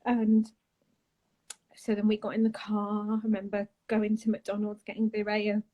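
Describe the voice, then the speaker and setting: A woman, a guest telling a painful personal story in a soft, halting way, often trailing off and starting again. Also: mid-range voice, completely flat delivery, rough recording. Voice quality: husky, breathy. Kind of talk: emotional personal account on a live chat.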